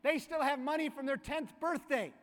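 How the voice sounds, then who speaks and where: Male pastor, very high pitch, relaxed storytelling sermon, reverberant sanctuary. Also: normal speed. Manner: conversational, storytelling preaching. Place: church sanctuary. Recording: long reverb of a church hall.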